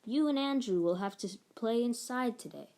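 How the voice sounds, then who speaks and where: A woman voicing a gentle, soothing mother in a children's storybook read-aloud. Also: on the high side, lively intonation, moderate pace. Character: warm, gentle mother of a young boy.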